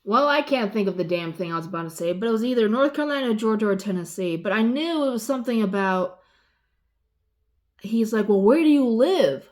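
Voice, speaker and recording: A woman in her forties ranting casually, rambling and swearing, losing her train of thought and swinging between loud exasperation and low muttering. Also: lively intonation, a little fast. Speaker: vlogger. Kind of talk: casual rant.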